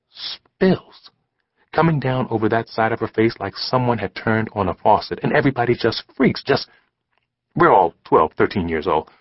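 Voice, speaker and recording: A man's voice: mid-range voice, husky, no room sound. A man narrating an audiobook in a streetwise, conversational storytelling manner, close to a studio mic. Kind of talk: scripted narration. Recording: slightly dull studio audiobook recording.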